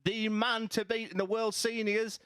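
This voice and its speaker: A man commentating live darts, jokey and quick to get excited. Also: high-pitched, clear, resonant tone, no room sound, studio quality.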